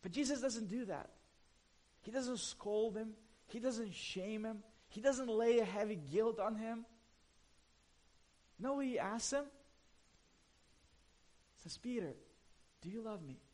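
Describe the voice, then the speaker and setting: A male pastor delivers a sermon in a loose, conversational style. His voice sits high for a man. He drifts between hushed, tender stretches and emphatic bursts. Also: slow, pauses often. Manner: conversational preaching, swings between soft and emphatic.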